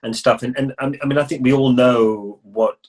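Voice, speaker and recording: A man's voice: medium pitch, fairly even intonation, normal speed, crowd noise, low-quality recording. A middle-aged man, an interview guest, telling travel stories in a rambling way, full of restarts and acted-out exchanges. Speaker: interview guest, motorcycle adventurer. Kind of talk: casual interview storytelling.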